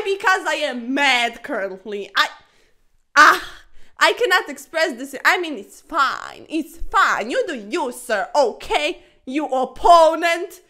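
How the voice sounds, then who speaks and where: A young woman narrates her own chess games to camera in a high, bright voice. She talks straight at her opponent, loud and exasperated one moment and muttering in defeat the next. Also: very animated, takes it slowly. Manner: talks to her opponent, calling him sir, swings from yelling to muttering; loud and exasperated, then low and deflated. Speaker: chess streamer. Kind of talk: frustrated chess commentary to camera.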